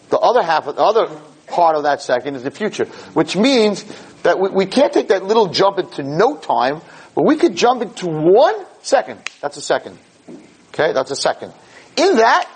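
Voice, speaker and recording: A man teaching a Torah class to a live audience, animated and explaining with everyday stories and questions to the room. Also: high-pitched, husky, low-quality recording. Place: in front of an audience.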